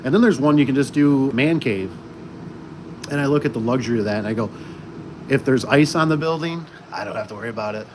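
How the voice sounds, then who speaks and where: A man in the middle of his pitch range talks through a casual livestream, rambling and circling back with fillers and restarts. Behind him an air conditioner hums and vehicles pass, so the recording is noisy throughout. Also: quick pace. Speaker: garage door installer hosting a livestream.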